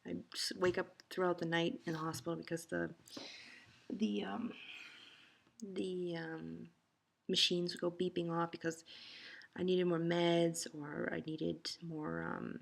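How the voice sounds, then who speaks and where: Tired, gravelly-voiced woman rambling at home. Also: lowish voice, level tone, unhurried. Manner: rambling, sleepy. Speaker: vlogger. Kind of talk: casual video diary.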